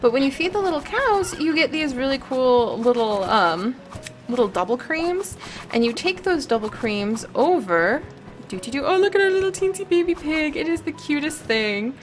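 A woman's voice: high voice, sing-song, moderate pace. Bubbly woman chatting over a farm game. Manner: chatty and bubbly, coos at animals. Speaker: gameplay vlogger. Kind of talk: casual gameplay commentary.

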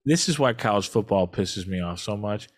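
A man co-hosting a sports show, steering the conversation loosely with fillers and throat clearing. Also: on the low side, lively intonation, normal speed. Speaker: sports podcast co-host. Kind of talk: casual sports chat.

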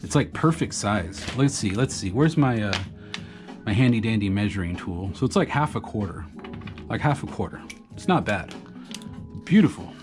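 A man's voice: lowish voice, expressive, moderate pace. A man who is a graffiti artist, chatting casually to the camera about his markers and inks as he draws, rambling and laughing often. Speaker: graffiti artist reviewing art supplies. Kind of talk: casual talk to camera while drawing. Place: home art studio. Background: background music.

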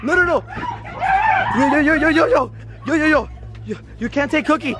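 A man's voice: very high voice, lively intonation, moderate pace, shouting, over a noisy crowd, very noisy. A man filming a vlog, talking frantically and repeating words, with music underneath. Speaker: vlogger. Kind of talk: excited casual vlog chatter.

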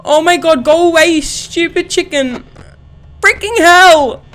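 A woman's voice: very high-pitched, steady tone, moderate pace. A young woman hosting a horror game let's-play, panicky and gasping, swearing under her breath. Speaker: gaming channel host.

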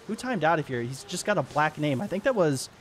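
A young man commentates a match in a high, bright voice, quick to excitement and laughter as he talks at the players. A faint hiss of noise sits under his voice. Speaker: gaming YouTuber. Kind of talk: gameplay commentary.

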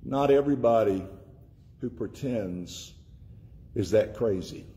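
A man from Tennessee preaching a sermon as pastor, slowing down and repeating key words for emphasis. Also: fairly low pitch, mellow, a little hiss or hum.

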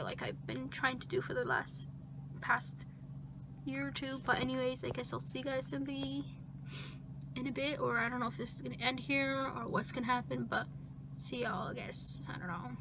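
Filmed on a handheld phone in a car, at a gym and out at the beach, this young woman chats in a casual vlog with a high-pitched voice over noisy surroundings. Her rambling feels self-conscious, and she frequently lowers her voice to a hush.

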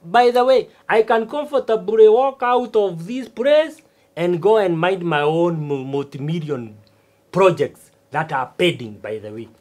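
In sitcom acting, a substitute teacher takes on the role of a boastful, stubborn old retired farmer. His older male voice is high-pitched and swooping, lively with long, self-important rhetorical asides.

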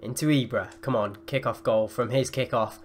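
Young man, gaming commentary, excitable, shouts at plays. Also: medium pitch, a little slow, a little hiss or hum. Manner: excitable, yells and gasps at plays. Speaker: gaming YouTuber. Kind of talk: live gameplay commentary.

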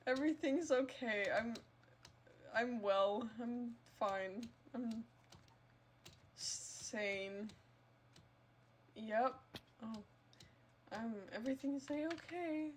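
A woman chats casually to her stream audience as she plays a game, rambling along with plenty of filler words. Her voice sits a little high, and she takes her time, speaking slowly. Faint keyboard clicks tick away in the background. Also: slight background noise. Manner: chatty, rambling, many "like" fillers. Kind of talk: casual gameplay streaming chat.

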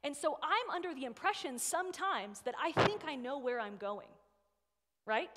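A woman's voice: sits high, lively intonation, moderate pace, fairly bright tone. A woman in her thirties, a guest speaker giving a sermon in a chatty, personal storytelling way and often checking in with "right?". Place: church sanctuary. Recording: long hall reverb.

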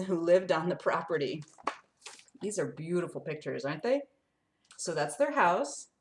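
A woman from the Arizona desert, reading a picture book to kids at a measured pace. Her lowish voice is animated and melodic with big rises, and she keeps turning to question the children listening.

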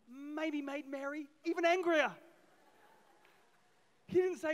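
A middle-aged man preaching a lively sermon as pastor, swinging between loud shouted peaks and quiet asides, acting out voices from the story. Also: very high-pitched, measured pace, pauses often. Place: church auditorium. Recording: long hall reverb.

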